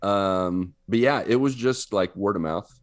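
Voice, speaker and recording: A man co-hosting a podcast in casual chat, an animated storyteller who laughs often and slips into silly voices. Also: on the low side, a little slow, no room sound, clean studio sound. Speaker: podcast co-host.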